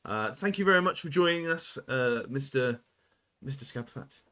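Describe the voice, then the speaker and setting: Brief: a man at mid pitch, hosting a casual gaming podcast, loose and hesitant in his delivery. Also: animated, moderate pace, sharp tone. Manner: hesitant, many fillers and restarts. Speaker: podcast host. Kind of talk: casual wargaming podcast chat.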